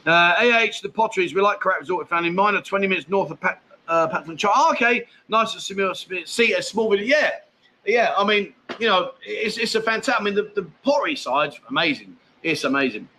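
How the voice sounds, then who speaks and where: A man's voice: high voice, animated, fairly quick, sharp tone, a little hiss or hum. A man from England with an English accent, hosting a casual livestream where he reads out and answers viewer comments bluntly, calling people mate. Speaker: livestream host. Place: expat home in Thailand.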